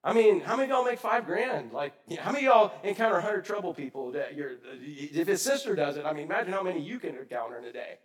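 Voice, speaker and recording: A man preaching a sermon in a conversational way, quizzing the congregation and swinging between loud and soft. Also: high voice, lively intonation, fast, hardly any pauses. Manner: asks the congregation questions. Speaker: pastor.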